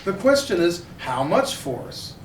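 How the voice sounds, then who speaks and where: A man with a fairly high voice teaching a physics class, animated and jokey. He sounds far from the camera in an echoey classroom, with a faint hum of the room underneath. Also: slow pace. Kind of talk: classroom lecture. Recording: roomy classroom audio from a distance.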